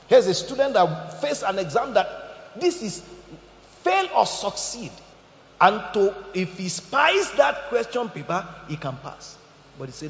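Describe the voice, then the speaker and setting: Animated preaching man in an echoey hall. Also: high voice, normal speed, a little hiss or hum. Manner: animated preaching with acted quotes and humor. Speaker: pastor. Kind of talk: sermon. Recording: echoey hall, dull lo-fi sound.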